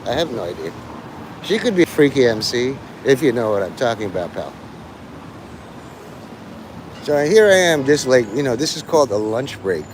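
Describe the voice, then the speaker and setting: A man's voice: mid-range voice, very animated, brisk, a little hiss or hum. A man livestreaming, rambling and teasing his chat, breaking into mock-angry, swearing rants.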